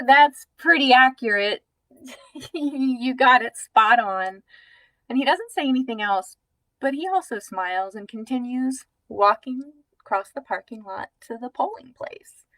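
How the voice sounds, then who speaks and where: A woman telling a personal story with vivid, expressive description. She takes her time, letting each phrase land slowly. The recording is dry, with no room sound. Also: medium pitch, no room sound, rough recording.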